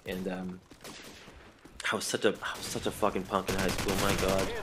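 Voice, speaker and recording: A young man with a Boston accent and a slightly hoarse voice, rambling casually with plenty of swearing as he commentates a game. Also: sits low, little pitch movement, moderate pace, background noise. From Medford, near Boston, USA. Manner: rambling, self-correcting, swears freely. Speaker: gameplay commentator. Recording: gunfire from game audio behind.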